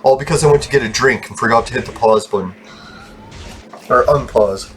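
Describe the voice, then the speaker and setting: A man's voice: mid-range voice, a little fast, noisy background. A man hosting a gaming channel, rambling through casual gameplay commentary, laughing often and swearing freely.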